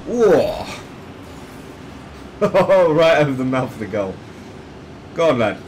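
A man commentating his own gameplay excitedly, yelping, swearing and shouting at each play. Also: fairly high pitch, slow pace, slight background noise, poor audio. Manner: excitable, yelps and shouts at plays, swears, laughs often.

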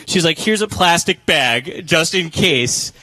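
Bright high-voiced young man telling a story. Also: takes it slowly, no room sound. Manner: animated, laughing, quoting family members. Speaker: guest. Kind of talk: comedy podcast storytelling.

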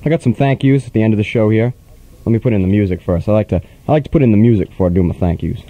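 A man's voice: lowish voice, very fast, mellow, poor audio. A man hosting a college radio show, teasing his guest in a sarcastic, mock-rude way. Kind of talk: casual late-night radio banter. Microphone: studio microphone.

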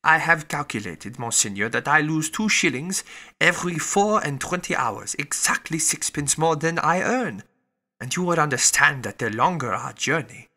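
A man doing a fussy, talkative French valet who chatters on about his troubles. The voice is bright and lively, with a slightly high pitch. It is audiobook character reading. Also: normal speed, exaggerated voice. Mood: worried.

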